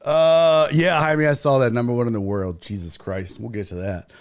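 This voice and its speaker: A man's voice: medium pitch, moderate pace, smooth. A man hosting a sports talk livestream, chatting casually in a rambling, profane way and laughing often. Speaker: sports show host.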